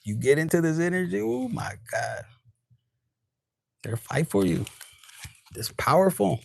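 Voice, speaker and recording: A man giving a casual, animated tarot reading straight to camera, swearing freely and dropping into quoted voices and bits of Spanish. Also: a little high, normal speed, gravelly, pauses often, no room sound. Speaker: tarot reader.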